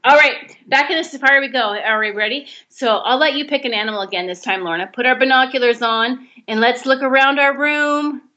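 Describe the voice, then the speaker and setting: A woman's voice: high voice, a little fast, hardly any pauses, sharp tone, lo-fi sound. A woman leading a laughter yoga exercise, encouraging and explaining each step.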